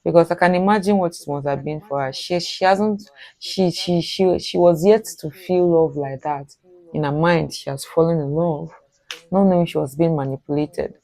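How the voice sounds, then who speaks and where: A woman hosts a reaction video, breaking in with emphatic exclamations and comments. Her voice sits low and mellow, with a gravelly edge. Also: normal speed, no room sound, rough recording.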